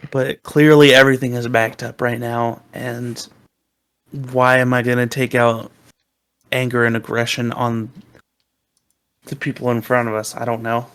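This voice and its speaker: A young man on a podcast, telling a rambling story with plenty of fillers and restarts. His voice has a gravelly, creaky texture at a middle pitch. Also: level tone, measured pace, long pauses, fairly bright tone. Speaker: podcast co-host. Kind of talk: casual storytelling.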